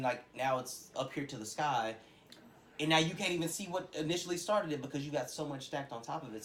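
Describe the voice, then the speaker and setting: A man co-hosting a casual podcast, talking in slangy, animated style and acting out his friends' voices. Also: medium pitch, slight background noise. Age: adult, has a son. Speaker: podcast co-host. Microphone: podcast microphone.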